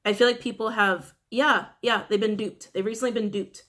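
A woman's voice: medium pitch, steady tone, normal speed, a bit bright, slight background noise. A woman giving a casual tarot reading, musing aloud and repeating her phrases. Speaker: tarot reader.

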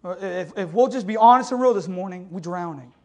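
A man's voice: sits high, a little fast. A man preaching a sermon with passion, often calling out to the congregation for an amen. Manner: impassioned preaching, calls for amens. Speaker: pastor.

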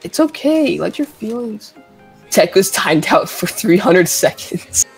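A man co-streaming a video game, joking around and apologizing after loud panicky outbursts. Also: high voice, sing-song, unhurried, creaky, soft background music. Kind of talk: casual gaming livestream chat.

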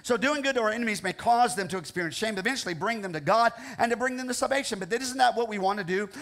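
A man with a Midwestern American accent delivers a sermon from the pulpit. His voice sits notably high for a man. He preaches earnestly, repeating lines for emphasis and checking in with his listeners. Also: fast, a bit bright. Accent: Ohio, American Midwest. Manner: earnest, repetitive preaching with frequent "okay?" check-ins. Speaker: pastor. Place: church sanctuary.

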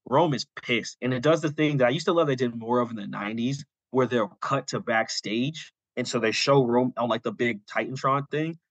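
A man's voice: medium pitch, brisk, few pauses, no echo. A man co-hosting a podcast, telling a long story in a loose, rambling way full of "like" and "you know," and acting out quoted lines as he goes. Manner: acts out quoted lines in passing. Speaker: podcast co-host.

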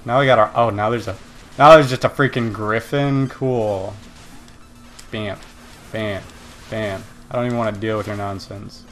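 This let's play gamer speaks a little slowly in a fairly low voice, leaving long pauses while faint music plays behind him. Casually narrating his gameplay, he gets excitable, yelps and curses at his failures, and pokes fun at other gamers.

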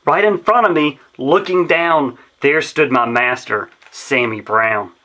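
A man's voice: on the high side, slow pace, pushed and bright. A man reading a rhyming children's story aloud in a rhythmic, sing-song way. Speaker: storybook reader.

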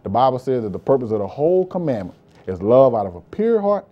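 Fast and sing-song in a mid-range voice, a man preaches a sermon full of passionate repetition, frequently addressing the congregation as "beloved" and exclaiming "praise God." The audio is muffled.

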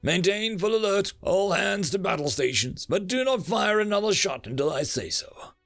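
A man's voice: sits high, sing-song, normal speed, vocal fry, fairly bright tone, soft background music, pitched above the performer's own voice, exaggerated voice. A man voicing a decisive male starship captain giving orders in a narrated sci-fi story. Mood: commanding. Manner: clipped commands, grave speeches.

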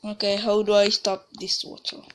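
A woman's voice: mid-range voice, completely flat delivery, moderate pace, a little hiss or hum. A woman giving casual gameplay commentary as a let's play gamer, rambling and often restarting or trailing off mid-sentence.

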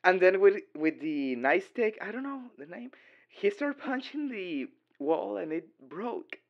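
A young man rambles through a casual voicemail role-play, giggling at his own jokes as a dorky boyfriend. His unhurried delivery swings widely in pitch. The recording sounds dull and lo-fi. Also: very animated.

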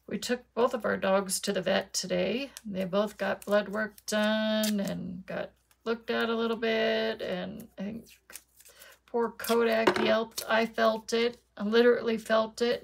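A woman's voice: on the high side, creaky, a little hiss or hum. A woman chatting casually to her viewers while she demonstrates card making at her craft desk.

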